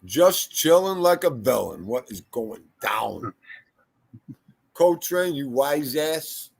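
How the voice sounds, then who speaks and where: Man, casual storyteller, gravelly voice, keeps asking "okay?". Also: mid-range voice, very animated, extremely slow. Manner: tells stories with frequent "okay?" check-ins. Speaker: livestream co-host.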